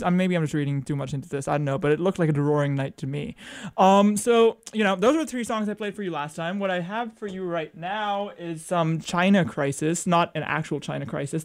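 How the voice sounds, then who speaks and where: A man's voice: on the high side, clear, resonant tone. A young man hosting a college radio show, chatting casually between songs with many ums and self-corrections. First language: French.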